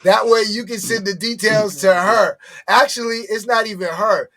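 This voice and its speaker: A man co-hosting a podcast, excitable and hyped, often repeating himself. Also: high-pitched, moderate pace. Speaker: podcast co-host. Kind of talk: casual podcast chat.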